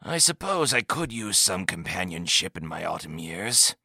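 A gentle, understated old village leader in a storybook, deep-voiced and crisp in tone, speaking with easy calm, as a male narrator puts him on. His voice is quiet and dry, with a close, dead sound. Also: normal speed, no room sound, full character voice.

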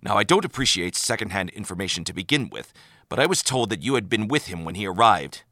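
A brisk, formal male commander, voiced by a male narrator, clipped and authoritative. The voice sits low but moves lively, bright and dry up close. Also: dry recording, heavily acted. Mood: stern.

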